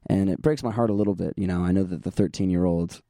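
A hoarse young man hosts his own podcast, his voice rough and gravelly like sandpaper. He talks low and dark in tone, rambling casually in a self-deprecating way with low energy and frequent laughs. The sound is close and dry. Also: quick pace, dry recording. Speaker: podcast host. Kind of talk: casual solo podcast chat.

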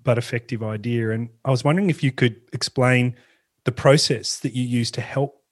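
A man's voice: mid-range voice, fairly even intonation, moderate pace. A man hosting a podcast interview. He responds with enthusiasm and asks a long, carefully built follow-up question. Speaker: podcast host.

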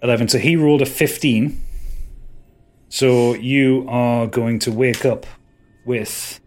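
A man's voice: medium pitch, steady tone, slow, soft background music. A man narrating as game master of a tabletop game, rambling and hesitant with fillers.

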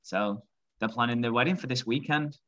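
A man's voice: mid-range voice, normal speed, a bit bright. Man telling stories over muffled sound. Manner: laughing, swearing freely, storytelling. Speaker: podcast co-host. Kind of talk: casual chat.

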